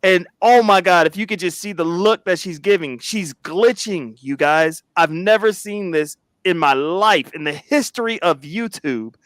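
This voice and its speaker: A man's voice: high-pitched, unhurried, few pauses, fairly bright tone, no echo. A man hosting a reaction commentary, talking dramatically with lots of exclamations. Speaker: host.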